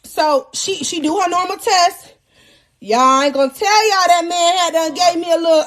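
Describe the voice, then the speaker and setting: Animated high-voiced young woman storyteller. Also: normal speed. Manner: dramatic, laughing, swinging from loud to hushed. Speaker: podcast host telling her story.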